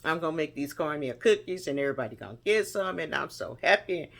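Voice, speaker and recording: A woman telling a funny childhood story, animated and laughing often as she goes. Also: deep voice, fast, vocal fry. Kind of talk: storytelling a personal memory.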